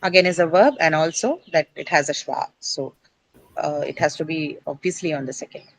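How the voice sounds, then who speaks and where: A woman's voice: low voice, brisk, dry recording, poor audio. A woman teaching English word stress to a class. She explains step by step, often says "uh", and asks her students questions.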